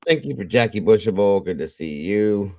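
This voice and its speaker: A man's voice: fairly low pitch, moderate pace, dull audio. A man hosting a casual livestream, rambling and acting out the voices in his stories. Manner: rambling, animated storyteller acting out quotes. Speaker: true crime livestream host.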